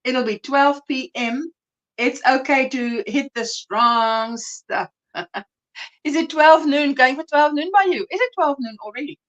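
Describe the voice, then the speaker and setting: A woman's voice: high-pitched, a little slow, fairly bright tone, highs cut off. A South African woman hosting a casual livestream chat, chatty and laughing often as she reads viewer comments aloud. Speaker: livestream host.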